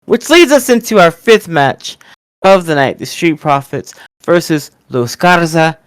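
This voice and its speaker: Animated podcast co-host, smooth voice. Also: mid-range voice, a little slow, no echo. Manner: animated, lots of fillers and restarts. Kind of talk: casual chat recapping a wrestling show.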